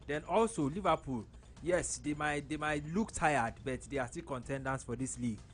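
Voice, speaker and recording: A man's voice: fairly high pitch, normal speed. A man giving opinionated football analysis on live radio, often restarting his sentences. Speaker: studio football pundit.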